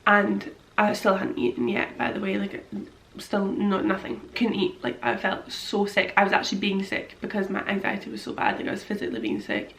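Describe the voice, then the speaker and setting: A woman's voice: medium pitch, monotone, normal speed, vocal fry, a bit bright, echoey room, slight background noise, rough recording. A young woman, tearfully telling a personal story to camera in a rambling way, full of fillers. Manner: rambling, many fillers, quotes her own thoughts. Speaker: vlogger.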